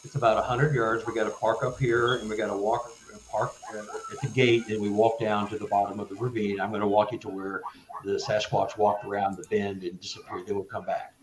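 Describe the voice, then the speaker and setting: A man, a guest author on a live interview, telling personal stories with halting restarts and growing animation. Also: lowish voice, reverberant, poor audio. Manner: halting, stuttered restarts, animated when retelling events. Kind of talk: casual storytelling in a live interview.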